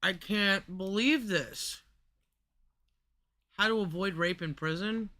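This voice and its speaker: A man's voice: high voice, slow, pushed and bright. A man hosting a reaction video, making incredulous, wisecracking asides about clips. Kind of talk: casual reaction commentary.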